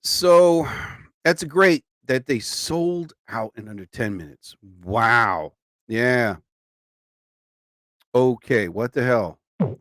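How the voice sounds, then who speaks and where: A man's voice: medium pitch, expressive, slow pace, pauses often, music in the background. A tired man hosting a live show, chatting casually and rambling, with frequent exclamations. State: sleepy, tired. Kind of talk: casual live-stream chat. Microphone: studio mic.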